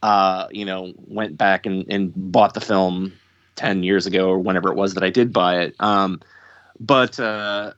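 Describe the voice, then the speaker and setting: A man hosting a podcast, talking thoughtfully in casual chat and pausing often on ums and uhs. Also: low-pitched, fairly even intonation, fairly bright tone, no echo. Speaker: podcast host. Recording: dry, dull lo-fi sound.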